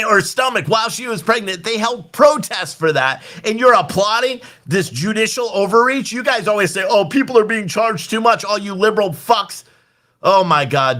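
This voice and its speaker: A man's voice: high voice, bright, forceful tone. A young man hosting a political livestream, ranting in an angry, exasperated, profane way. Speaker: livestream host.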